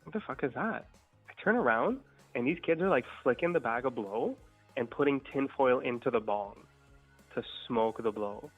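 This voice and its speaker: A man's voice: mid-range voice, expressive, moderate pace, phone-quality sound, soft background music. Young man telling a profane party story. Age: young adult. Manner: profane, laid-back anecdote telling. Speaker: guest storyteller. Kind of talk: casual podcast storytelling.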